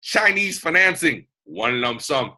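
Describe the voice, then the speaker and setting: A man with a Southern US accent hosting a motivational mentorship webcast over a video call, talking in an animated, folksy, digressive way. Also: fairly high pitch, a little slow. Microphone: computer mic on a video call.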